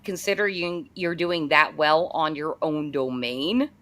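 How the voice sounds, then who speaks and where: A woman hosting an interview, chatting casually and telling animated anecdotes. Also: sits low, measured pace. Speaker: interviewer, host.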